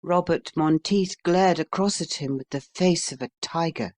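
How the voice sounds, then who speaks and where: An audiobook narrator reading a novel in a steady storytelling manner. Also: mid-range voice, moderate pace, no echo.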